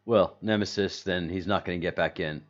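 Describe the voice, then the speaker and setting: A man with a very deep voice hosts a loose livestream, reading viewer comments aloud and circling back on his own sentences. The audio is dull and lo-fi, like a basic home stream setup. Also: steady tone, normal speed. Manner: rambling, repeats and restarts, reads chat aloud. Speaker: channel host. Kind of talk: casual livestream chat with viewers.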